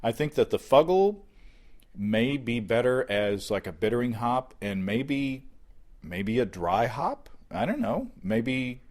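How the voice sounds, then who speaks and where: A man co-hosting a casual tasting chat, animated and quick to laugh. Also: mid-range voice. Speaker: podcast co-host.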